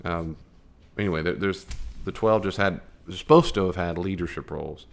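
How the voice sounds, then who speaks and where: An American Bible study teacher with a fairly low, gravelly voice talks at normal speed in a loose, chatty way. He often poses questions to those present and acts out the scripture lines he quotes.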